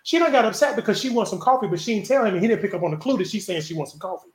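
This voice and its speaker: Fast, emphatic man in his forties. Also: sits high, lively intonation, roomy sound. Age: 40s. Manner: preachy, emphatic, acts out quoted dialogue. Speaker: podcast host. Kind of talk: casual group discussion.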